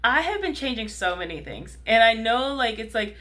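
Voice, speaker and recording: A woman's voice: a little high, big pitch swings, moderate pace, fairly bright tone. A woman of about thirty chatting casually to camera as a vlogger, rambling and often checking in with "you know what I mean". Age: 30s.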